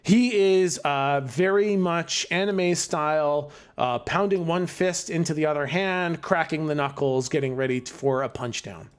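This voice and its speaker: A man's voice: fairly high pitch, a little slow, hardly any pauses, clear, resonant tone. A man narrating as game master in a casual way, laughing and filling with restarts.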